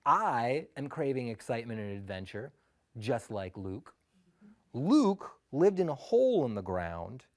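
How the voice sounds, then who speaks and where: A man spins a comic personal story, his pitch jumping up and swooping down as he goes. He is from Illinois and keeps dropping wry, self-mocking asides. His middling voice stays lively and expressive throughout. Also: measured pace. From Illinois, USA.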